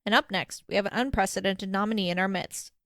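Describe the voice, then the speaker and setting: A woman's voice: medium pitch, steady tone, fast talker, a bit bright, no echo, natural voice. Woman doing a showy awards-gala announcer. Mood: grand. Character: grand, enthusiastic awards ceremony host.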